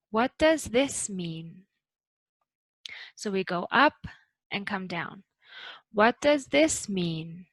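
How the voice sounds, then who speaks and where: A woman teaches English in a slow, deliberate way, drawing out her examples with exaggerated rises and falls of pitch. Her voice is bright and clear, and the recording is dry and close, with no room sound. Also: dry recording, rough recording. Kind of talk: slow, careful language lesson.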